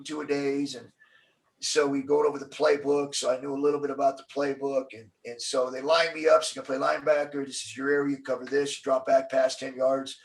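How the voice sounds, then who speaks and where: A man's voice: medium pitch, vocal fry. Middle-aged guy telling a story in an interview, acts out the quotes, sounds a bit far from the mic. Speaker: interview guest.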